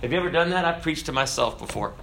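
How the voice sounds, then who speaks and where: A man's voice: a little high, lively intonation, quick pace, vocal fry, pushed and bright, a little hiss or hum. A middle-aged man preaching a sermon in a conversational, joking way. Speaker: pastor.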